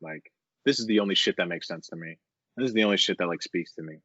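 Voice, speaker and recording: A young man tells his story at a rambling, animated clip, peppered with swearing and filler words. His voice sits a touch low. The recording is dry and slightly dull, with little sense of a room. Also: quick pace, slightly rough, no echo. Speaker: podcast guest. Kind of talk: casual storytelling interview.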